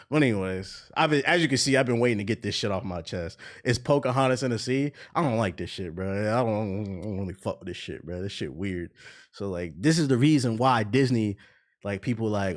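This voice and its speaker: A man's voice: lowish voice, expressive, moderate pace. A young man streamer ranting in casual, profane commentary, now and then mocking voices.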